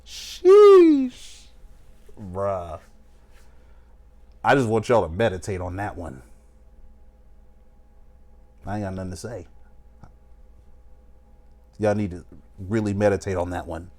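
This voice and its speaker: Giving advice while reacting to a video, this young man speaks emphatically in a low-pitched voice at normal speed, leaving long pauses. The casual commentary turns preachy, and "you know what I'm saying" keeps coming up.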